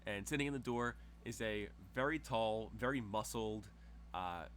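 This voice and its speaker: A man's voice: on the low side, normal speed, fairly bright tone, a little hiss or hum. A man narrating as game master in a rambling way, with many fillers as he describes scenes.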